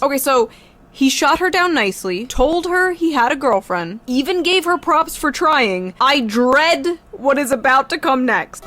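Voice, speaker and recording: High-pitched woman, dry mocking host. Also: animated, measured pace, fairly bright tone, soft background music. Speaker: reaction video host. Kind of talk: reading and reacting to text messages.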